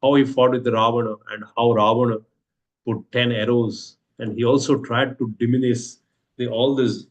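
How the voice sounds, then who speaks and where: A man's voice: mid-range voice, little pitch movement, normal speed, muffled recording. An Indian-accented man teaching a scripture class, retelling the story and asking "what happens" again and again with frequent hesitant fillers. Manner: repeats rhetorical questions, hesitant fillers.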